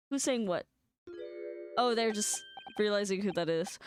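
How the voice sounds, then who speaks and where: A woman's voice: mid-range voice, measured pace, pauses often. A young woman gushing and giggling as she comments on her game during a casual live stream. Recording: music playing loudly under the voice. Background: game music.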